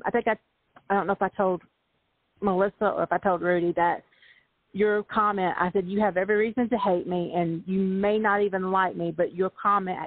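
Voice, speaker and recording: A woman's voice: medium pitch, no echo. A woman calling in to a live show, giving a grateful, rambling closing statement. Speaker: caller. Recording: dry tinny phone line.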